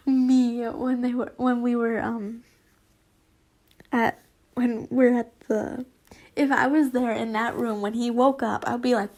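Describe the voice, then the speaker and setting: A young woman reads fanfiction aloud at an unhurried pace, her high voice carrying a gravelly edge. She rambles off topic, giggling and apologizing between passages. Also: steady tone, a little mellow. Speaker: fanfiction reader. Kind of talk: casual reading with chatty asides.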